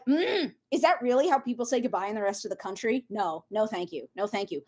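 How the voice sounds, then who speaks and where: A woman from Minnesota, reading tarot in a casual livestream and rambling off on lively side tangents. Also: on the high side, fast talker, hardly any pauses. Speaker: tarot reader.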